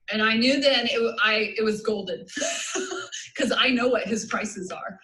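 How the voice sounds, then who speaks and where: A woman with a Southern US accent giving an energetic live business-coaching talk, emphatic and repetitive, laughing often. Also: on the high side, slow, long pauses, roomy sound, rough recording.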